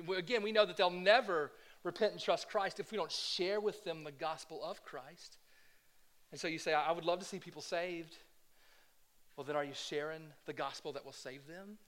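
A man preaching a sermon, swinging from hushed lows to loud exhortation and putting rhetorical questions to the congregation. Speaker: pastor.

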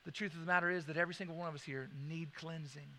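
A man preaching a sermon, swinging from loud emphasis to hushed, slow lines and repeating key phrases. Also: on the high side, fairly even intonation, in a large hall, slight background noise. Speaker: pastor.

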